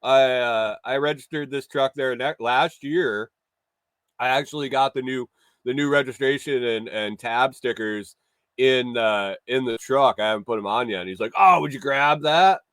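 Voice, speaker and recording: A man's voice: medium pitch, steady tone, moderate pace, a bit bright, no room sound. A man hosting a casual morning show, telling a long rambling story, often restarting and acting out what people said. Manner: rambling, swears, restarts and acts out quotes.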